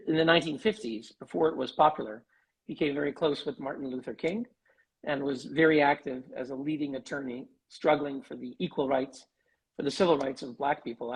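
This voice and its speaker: A man giving an articulate, measured interview as a human rights advocate over a video call. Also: medium pitch, fairly even intonation, husky, rough recording. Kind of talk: live online interview.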